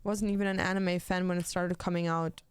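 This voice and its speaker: A woman's voice: fairly low pitch, level tone, brisk, clean tone, no room sound. A young woman streaming, chatting casually while she plays, blunt and swearing freely with lots of fillers. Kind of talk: casual chat while gaming.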